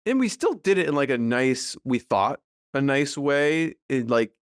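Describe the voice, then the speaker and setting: A middle-aged man, a podcast guest, talking casually and thoughtfully with many fillers and soft laughs. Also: medium pitch, sing-song, measured pace, smooth, no echo, clean studio sound. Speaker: podcast guest, business co-founder. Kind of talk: casual interview conversation.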